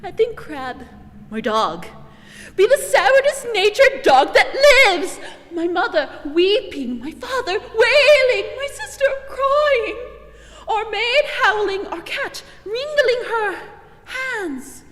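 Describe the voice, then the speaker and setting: A woman playing a comic young male servant who mourns over his dog, in an animated, mock-tragic style of amateur Shakespeare acting. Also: extremely high pitch, takes it slowly, exaggerated voice. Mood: mock-grieving. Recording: long reverberant echo.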